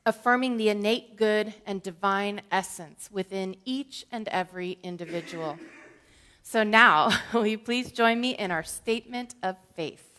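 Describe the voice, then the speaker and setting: Woman minister, mid-range voice, steady liturgical pacing for prayers and affirmations. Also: mid-range voice. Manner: measured, liturgical delivery. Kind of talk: opening a church service.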